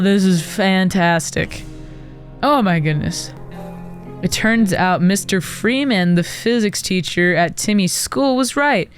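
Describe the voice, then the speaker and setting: Excitable woman commenting on a game. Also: on the low side. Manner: excitable, melodramatic, sarcastic asides. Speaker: gaming streamer. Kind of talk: casual gameplay commentary.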